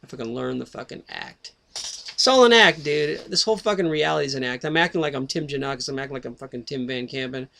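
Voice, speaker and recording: A man in a mid-pitched voice talking into a headset, swearing in nearly every sentence. He drifts from one tangent to the next and keeps cutting himself off mid-thought. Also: fast talker, vocal fry, hardly any pauses, a bit bright. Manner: swears constantly, tangents, self-interrupting. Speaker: video host. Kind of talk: profane rambling monologue.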